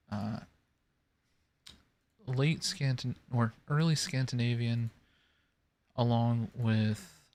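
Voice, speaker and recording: A man chatting casually to himself while playing a building game, rambling and talking through each step as he works. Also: mid-range voice. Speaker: gaming video creator. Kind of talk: casual gameplay commentary.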